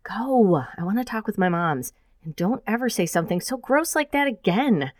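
A woman's voice: mid-range voice, animated, moderate pace, dry recording, studio quality, voice pushed up, close to an everyday voice. A woman voicing a wry, grumbling young female graduate student who hacks.

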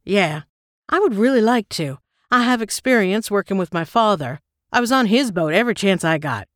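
A woman's voice: animated, normal speed, no room sound, natural voice. Woman reading a polite earnest young woman, storybook dialogue, dry close sound. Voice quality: described as deep with Southern accent. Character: young woman, boat hand, candid and polite. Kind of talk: audiobook character reading.

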